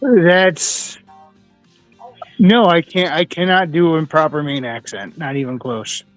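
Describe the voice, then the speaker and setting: A man's voice: a little high, slow pace, no room sound, soft background music. A man from New England chatting in a writers' discussion in a matter-of-fact, conversational way. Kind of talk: casual chat.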